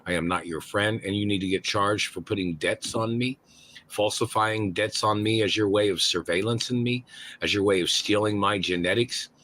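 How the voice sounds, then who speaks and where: A man with a lowish voice and a hard, forceful edge unloads a furious, profane rant. He shouts and curses through his accusations, pushing each line with tension and force. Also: fairly even intonation, moderate pace. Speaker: caller on a livestream.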